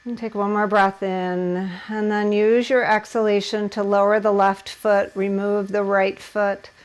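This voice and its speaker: A woman's voice: medium pitch, little pitch movement, a little slow, rough recording. A woman leading a yoga class, giving encouraging instructions and laughing at herself while she holds the poses.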